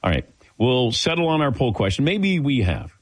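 With big swings in pitch around a medium register, a middle-aged Midwestern radio host talks sports at a normal speed, easygoing and chuckling through his stories. The studio-mic recording is dry.

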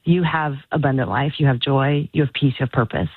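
A woman's voice: extremely low pitch, a little fast, husky, dry recording. A woman guest author giving earnest, encouraging parenting advice on a call-in radio show. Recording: phone-line quality, dry.

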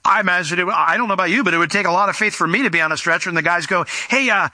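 Male preacher, very bright voice, slightly high, conversational sermon, dry close sound. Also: rapid-fire, dry recording. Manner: conversational, acts out quoted voices.

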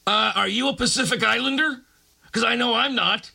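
A man's voice: extremely high pitch, moderate pace, gravelly, sharp tone. A man hosting a late-night radio show, delivering a sarcastic, ranting comic monologue.

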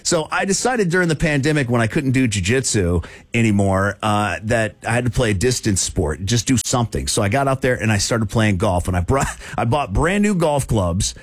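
A man hosting a radio talk show, telling a funny story with loud asides and frequent laughter. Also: mid-range voice, normal speed, few pauses, no echo. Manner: animated, laughing storyteller with big voiced asides.

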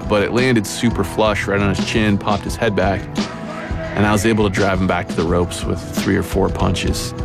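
A man telling a personal story in a relaxed, conversational way, with casual fillers and pauses. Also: on the low side. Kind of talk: personal story told aloud. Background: guitar music.

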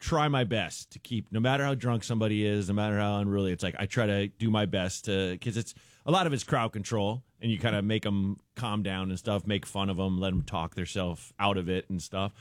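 A comedian guest on a radio show, telling a comic anecdote animatedly, acting out voices and laughing through punchlines. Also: male voice, lowish voice, brisk, no echo, clean studio sound.

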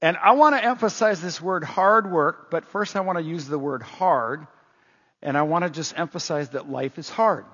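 A middle-aged man preaching a sermon in an animated, emphatic, repetitive way. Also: a little high, normal speed, slightly rough. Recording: dull reverberant church sound.

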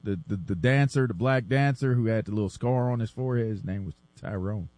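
A man's voice: fairly low pitch, brisk, darkish tone, dry recording. Man, podcast co-host, teasing and playful, dry close sound, casual banter. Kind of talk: casual sports chat.

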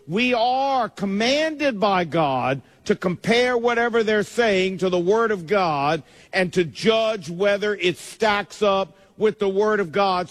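A middle-aged man, a pastor, preaching a sermon emphatically, his pace speeding up and slowing down. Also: high voice. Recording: long reverb of a large hall.

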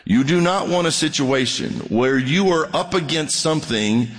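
A man's voice: a little high, expressive, normal speed. A man preaching a sermon, reading scripture and breaking off into humorous asides to the congregation. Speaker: pastor. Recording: long reverb of a large hall.

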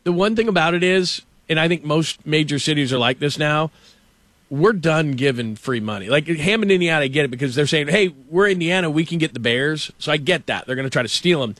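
A man hosting a casual sports talk show, ranting with animated stammers about a team's stadium. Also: a little high, brisk, dry recording. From Los Angeles. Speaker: show host.

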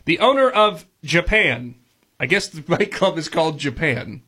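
A man's voice: a little high, sing-song, a little slow, sharp tone, husky. A man hosting a morning radio show, trading wry jokes with co-hosts while going over news stories. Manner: jokey, wry, chuckles while reading stories. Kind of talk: casual radio banter.

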